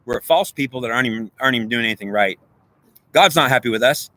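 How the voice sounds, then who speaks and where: A man's voice: medium pitch, fast talker, bright, forceful tone. A man ranting in an agitated, preachy monologue, repeating himself and lecturing.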